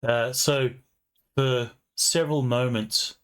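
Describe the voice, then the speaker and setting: A man narrating a tabletop game as game master, slow and halting with many fillers. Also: mid-range voice, steady tone, clean tone.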